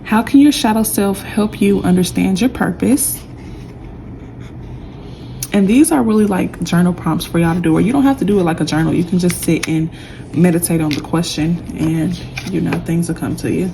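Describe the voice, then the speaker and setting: Young woman, tarot reader; warm, chatty delivery, low-timbred with a bit of fry. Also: moderate pace, slight background noise, poor audio. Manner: chatty, warm and emotional, says y'all a lot. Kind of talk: casual pick-a-pile tarot reading.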